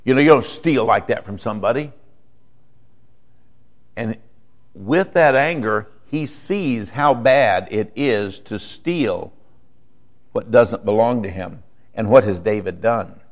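A man preaching a sermon in a conversational way, often checking in with the room and moving between quiet explanation and emphatic points. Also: fairly low pitch, takes it slowly, long pauses. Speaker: pastor.

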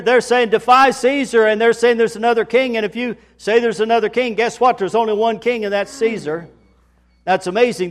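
Man, pastor, folksy sermon, slightly high pitch, emphatic repetition. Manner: folksy preaching, rising to loud emphatic repetition.

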